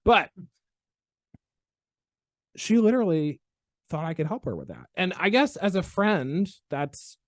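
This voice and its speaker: A man, a chiropractor hosting a podcast, telling stories in an animated, theatrical way. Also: unhurried, pauses often, no room sound, clean studio sound. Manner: animated, theatrical storyteller with big pitch swings. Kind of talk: casual podcast chat, storytelling.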